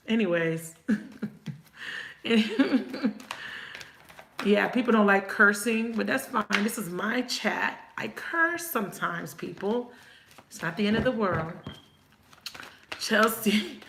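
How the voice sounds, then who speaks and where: A woman's voice: mid-range voice, lively intonation, takes it slowly, creaky, pauses often, fairly bright tone, echoey room, slight background noise. A woman reading tarot cards in a casual live chat, swearing now and then and laughing often as she talks to viewers. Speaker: tarot reader.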